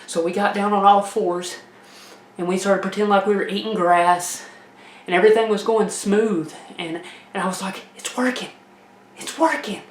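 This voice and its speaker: A woman telling a comic tale in a folksy, animated way, laughing as she goes. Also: medium pitch, normal speed, echoey room. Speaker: storyteller. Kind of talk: comedic personal storytelling.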